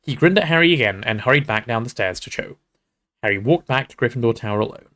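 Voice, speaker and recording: A man streaming, reading a novel aloud and then chatting casually, animated and swearing freely. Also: medium pitch, fast.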